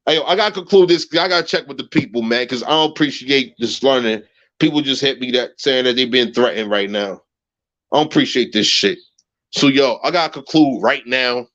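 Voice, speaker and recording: A man hosting a heated livestream rant, profane and agitated. He repeats phrases and swings from low mutters to high shouts. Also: brisk. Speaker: livestream host. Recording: muffled lo-fi livestream audio.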